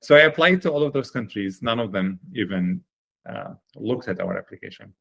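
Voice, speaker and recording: A man with a fairly low voice tells his story as a podcast guest. He talks in an earnest, animated way and leans on fillers while he gathers his thoughts. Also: quick pace, gravelly. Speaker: guest, chocolate company founder.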